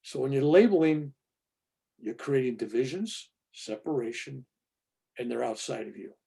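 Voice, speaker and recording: A male reverend answering a student's question in an informal spiritual talk, animated and acting out the voices he quotes. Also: mid-range voice, moderate pace, gravelly, breathy edge.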